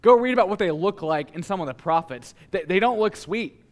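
Fairly high-voiced male pastor preaching. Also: lively intonation. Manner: dramatic pauses, swings from hushed to forceful. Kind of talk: sermon.

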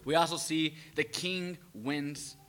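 A man preaching a sermon, animated, asking the audience questions and acting out voices. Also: on the high side, slow pace.

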